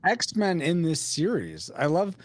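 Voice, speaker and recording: A man's voice: a little high, huge pitch swings, slow pace, no echo. A man guesting on a podcast in casual chat, joking and playful.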